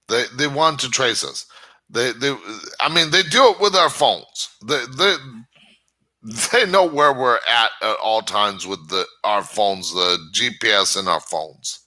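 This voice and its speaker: A man's voice: mid-range voice, sharp tone. A man hosting his own channel, giving a rambling casual monologue and often stammering over restarts. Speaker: channel host.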